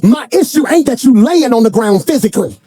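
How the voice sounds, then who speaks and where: Man preaching in church, really high voice, shouts and sings his lines, tells stories real folksy. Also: expressive, fairly quick, husky, no room sound. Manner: preaching in bursts of shouting and sing-song cadence; folksy, colloquial storytelling with asides to the congregation. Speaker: pastor. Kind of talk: sermon.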